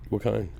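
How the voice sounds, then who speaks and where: A man's voice: fairly low pitch, creaky, mellow, a little hiss or hum. A man co-hosting a podcast, laid-back and profane, joking in casual banter. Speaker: podcast co-host. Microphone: studio podcast mic.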